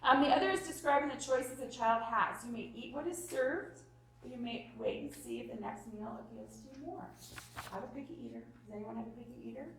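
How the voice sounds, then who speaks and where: A woman in her thirties giving a parenting workshop, animated and acting out little scenes of parents and children. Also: on the high side, a little fast. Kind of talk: live workshop talk. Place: room with live audience. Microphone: distant room mic. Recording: echoey room from far off.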